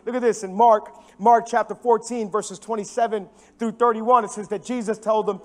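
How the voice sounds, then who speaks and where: A man preaching a sermon as a pastor into a microphone in a church, animated and emphatic, swinging between loud stresses and hushed, soft passages. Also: high-pitched, normal speed, few pauses. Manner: animated storytelling with sudden drops to hushed tones.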